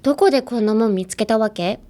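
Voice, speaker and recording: A woman's voice: a little high, very fast, mellow, lightly acted. An exasperated teenage girl from an anime scolds someone bossily, as a woman reads her lines aloud for a lesson. The tone is reproachful and fussy, not fully acted. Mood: scolding.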